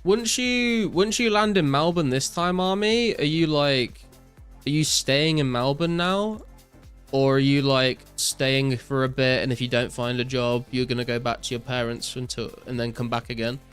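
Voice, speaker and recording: A young man talks loosely to his live chat while he plays, reading their messages back and musing on his answers with plenty of fillers. His voice sits at an ordinary pitch and comes across smooth and clean. Soft music runs quietly underneath. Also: normal speed. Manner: relaxed, reads out chat messages and answers viewers with many fillers. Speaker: game streamer. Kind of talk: casual live-stream chat while gaming.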